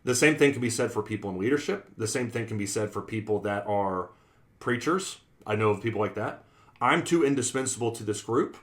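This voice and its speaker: A man's voice: fairly low pitch, fairly quick. Man, preacher, conversational Bible class, earnest, repeats phrases, quotes everyday sayings.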